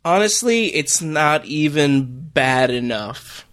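A man's voice: a little high, expressive, slow pace, fairly bright tone. A man co-hosting a movie podcast who rambles and sounds incredulous, full of filler words. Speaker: podcast co-host. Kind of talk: casual movie review chat.

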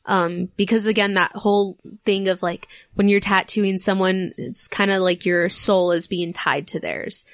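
A woman's voice: mid-range voice, steady tone, a little slow, few pauses, dry recording, studio quality. A young woman tattoo artist chatting as a podcast guest, talking in a sentimental way with frequent laughs. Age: young adult. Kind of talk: casual interview chat.

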